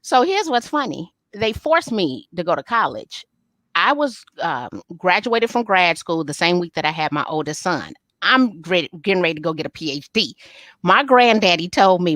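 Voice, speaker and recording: A middle-aged woman, an interview guest, telling family stories candidly and acting out the dialogue with lively, folksy humor. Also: on the low side, normal speed, no room sound. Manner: animated, folksy storyteller who acts out family dialogue. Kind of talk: candid storytelling in a live interview.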